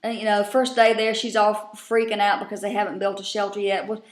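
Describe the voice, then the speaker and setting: A woman's voice: mid-range voice, level tone, a little fast, echoey room. A woman casually recapping a TV episode, salty and profane, with drawling asides, at home. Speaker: vlogger recapping a TV show.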